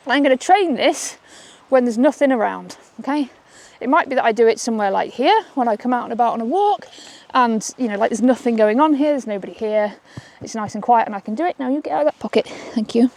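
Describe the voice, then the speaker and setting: A woman's voice: on the high side, animated, brisk, a little mellow. Chatty woman training dogs outdoors. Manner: chatty, upbeat, keeps asking "okay?". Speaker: dog trainer. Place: outdoors on a walk. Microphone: camera she holds while walking.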